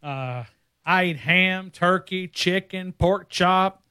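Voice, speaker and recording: A man with a Southern accent hosting a sports radio call-in show, chatting in a relaxed, easygoing way with many fillers. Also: high voice, slow pace, clean tone, no echo.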